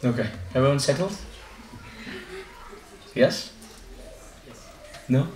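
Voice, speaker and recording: A man preaching at a home devotional gathering, telling a story with lively storytelling and acting out passers-by. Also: medium pitch, slow, roomy sound, noisy background. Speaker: visiting preacher. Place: living room of a home gathering.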